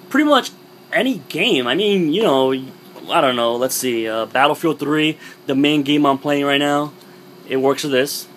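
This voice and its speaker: A man's voice: fairly high pitch, slight background noise. Young man losing his voice, rambling gamer vlogger. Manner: rambling, filler-heavy, relaxed. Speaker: gaming vlogger. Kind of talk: casual product review.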